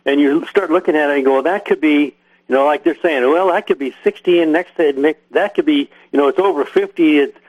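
A man hosting a fishing radio show talks in an emphatic, folksy way. His voice sits a bit high, and the recording sounds muffled and lo-fi. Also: fast, hardly any pauses. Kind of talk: casual radio chat.

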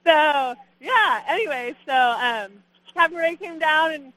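Her voice sits high, animated and pushed with a bright quality, at a measured pace. This young woman, a guest angler, laughs while casually telling her catch story on a radio show, full of "like" and "you know," in poor audio with no echo.

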